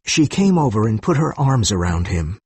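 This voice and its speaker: Male narrator, very husky voice, dry close sound, measured reading. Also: lowish voice, sing-song, a little mellow, no room sound. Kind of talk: scripted story narration for learners.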